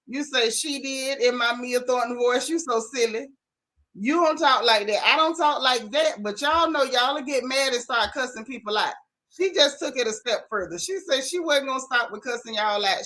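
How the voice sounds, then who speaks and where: A woman hosting a gossip stream, chatting casually and animatedly with her viewers. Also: high-pitched. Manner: animated, talks straight to her chat with "y'all", "baby" and "honey". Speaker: host of a gossip talk stream. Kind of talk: casual live-stream chat reading comments.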